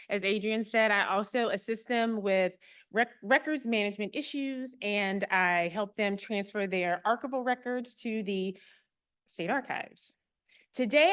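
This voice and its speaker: A woman's voice: mid-range voice, fairly bright tone, smooth. A woman archivist giving a public talk to a live audience, friendly and explanatory with a light touch of humor.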